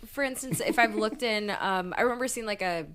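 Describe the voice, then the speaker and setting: A woman's voice: medium pitch, a little fast. A woman actor guesting on a podcast, chatting casually and acting out quotes. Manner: animated, acts out quotes. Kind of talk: casual chat.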